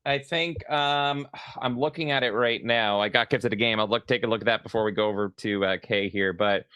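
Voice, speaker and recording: A man co-hosting a podcast in loose, excitable chat, cursing freely. His voice sits low yet sounds bright and crisp. It is recorded close and dry. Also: brisk, no room sound, muffled recording. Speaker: podcast co-host. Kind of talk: casual chat.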